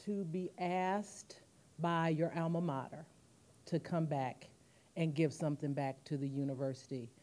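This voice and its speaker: A woman's voice: deep voice, measured pace. A woman in her fifties gives a commemorative speech in a university auditorium at a podium mic, telling stories and acting out the quotes. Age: 50s. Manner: animated storytelling, acting out quotes. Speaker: guest speaker, museum president.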